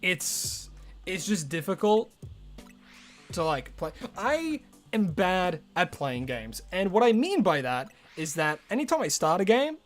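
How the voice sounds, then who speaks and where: A male streamer chatting casually on a live stream, rambling and loose, full of "like" and restarts, with soft game music behind him. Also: sits high, very animated, measured pace.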